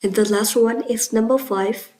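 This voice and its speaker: A woman with a Vietnamese accent teaching an English pronunciation lesson in a clear, instructive way, praising her students. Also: on the high side, steady tone, moderate pace, darkish tone, rough recording. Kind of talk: classroom lesson.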